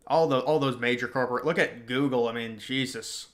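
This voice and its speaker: A young man talks casually at a mid pitch, reacting to comments as they come in. He uses slang and often trails off mid-thought, like a streamer chatting on his own. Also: fairly even intonation, fairly quick, a bit bright. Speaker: livestream host. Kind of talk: casual political livestream chat.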